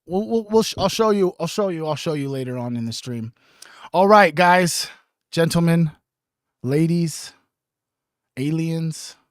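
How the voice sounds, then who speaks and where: A man hosting a casual livestream, rambling with many restarts, swearing and often clearing his throat. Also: medium pitch, a little mellow, dry recording, studio quality. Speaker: livestream host. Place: home streaming setup.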